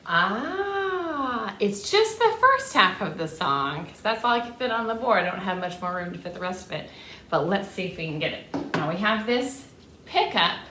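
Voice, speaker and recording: A woman's voice: mid-range voice, sing-song, normal speed, roomy sound, a little hiss or hum. A woman music teacher singing rhythm syllables and explaining them to children in a lesson. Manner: sings rhythm syllables, speaks in a warm coaxing teacher voice to children. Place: classroom with a board.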